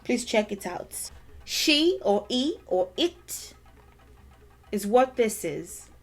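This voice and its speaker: A woman's voice: fairly high pitch, big pitch swings, takes it slowly. A woman teacher explaining a language lesson, patiently repeating points and modeling words aloud. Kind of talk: explaining and demonstrating pronunciation.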